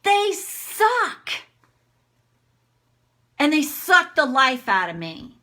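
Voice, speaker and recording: A woman acting out a furious woman who vents long-suppressed rage, with loud, shouting bursts. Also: high-pitched, voice pushed up, full character voice.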